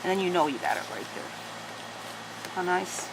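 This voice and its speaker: An origami teacher at home leads a hands-on paper-folding tutorial, guiding each fold patiently, step by step, and chatting to her dogs. Her voice is fairly low-pitched at normal speed, with background noise.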